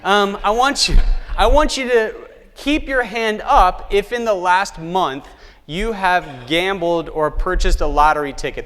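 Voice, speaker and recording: A man delivers a keynote in a large conference hall, and his slightly high voice rings with a long reverb. He keeps it lively, acting out the people in his stories and calling on the audience with questions. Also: unhurried, smooth. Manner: lively storytelling, acts out quoted people, asks the audience questions. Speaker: keynote speaker.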